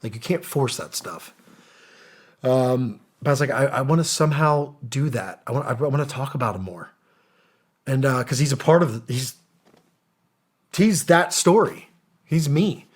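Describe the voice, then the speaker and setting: A man's voice: medium pitch, expressive, normal speed, pauses often, husky. Earnest man telling his story. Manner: earnest, acts out quoted dialogue, casual slang. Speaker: podcast guest, former special operations soldier. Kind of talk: casual storytelling interview.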